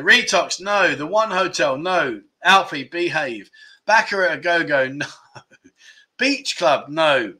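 Bright-voiced chatty host. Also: male voice, on the high side, expressive, slow pace, pauses often. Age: middle-aged. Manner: chatty, jokey storyteller, laughs often. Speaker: livestream host. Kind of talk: casual chat reading viewer comments.

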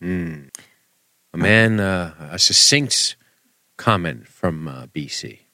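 A man with a lowish voice co-hosts a podcast in easygoing chat. He is relaxed and casually profane, and he reads listener comments aloud. The sound is dry and close, with no room around it. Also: takes it slowly, dry recording. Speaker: podcast co-host.

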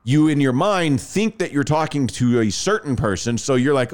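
On a podcast, a thirtysomething man with a mid-range voice tells a personal story at a moderate pace with few pauses. His telling is animated and casual, with the quoted lines performed aloud.

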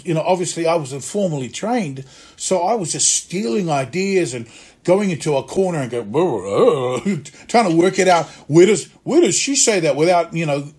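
A male actor and acting teacher telling stories from his career in a lively way, acting out the voices of people he quotes. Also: on the high side, breathy edge. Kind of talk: conversational storytelling interview.

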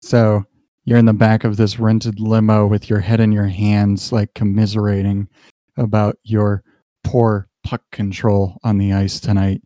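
A man with a low, mellow voice runs a tabletop game and narrates the scene at an easy, halting pace. The sound is dry and close, with no room around it. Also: dry recording. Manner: relaxed, halting scene-setting with fillers. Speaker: game master.

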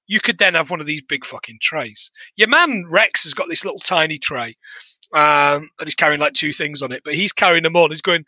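Podcast co-host, a man, high and very bright voice, sweary, exasperated, dry close mic. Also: normal speed, no echo. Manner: sweary, exasperated, rambling with restarts. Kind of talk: casual comedic film review chat.

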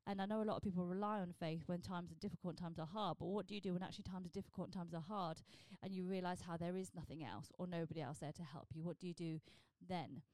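A woman's voice: lowish voice, fast, few pauses, no echo. A woman, a stand-up comedian talking blunt and sweary in a casual solo podcast. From southern England. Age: 40s. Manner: blunt, sweary, animated with comic asides.

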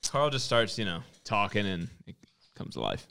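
A man's voice: fairly low pitch, huge pitch swings, normal speed, gravelly, sharp tone, smooth. A man co-hosting a casual livestream, telling a story and teasing his co-host. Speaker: podcast co-host.

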